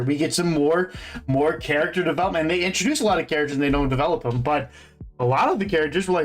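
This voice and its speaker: High-voiced man rambling about a show. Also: fast, faint music behind. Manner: rambling, full of fillers and restarts. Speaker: host. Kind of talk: casual fan commentary.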